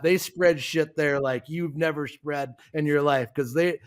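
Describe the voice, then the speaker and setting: A man co-hosting a podcast, telling stories in a lively, casual and profane way. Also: on the high side, measured pace, clear, resonant tone. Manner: animated storyteller, casual and profane. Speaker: podcast co-host.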